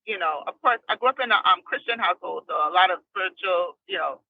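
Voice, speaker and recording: A woman's voice: on the low side, quick pace, gravelly, husky, dry recording. Chatty woman guest on a tinny phone line. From New Jersey. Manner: chatty, laughs often between stories. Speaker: guest, recording artist. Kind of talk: casual storytelling interview.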